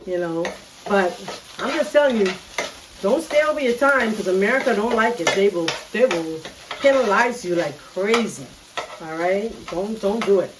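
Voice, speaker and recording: A woman's voice: medium pitch, lively intonation, moderate pace, far from the mic, noisy background. A middle-aged woman with a Bahamian accent, hosting a casual cooking video and chatting straight to her viewers. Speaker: cooking show host. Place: home kitchen. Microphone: phone camera.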